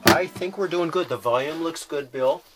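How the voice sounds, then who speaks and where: A man running a home recording, quickly checking the counter and levels. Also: on the high side, very noisy. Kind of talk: casual chat.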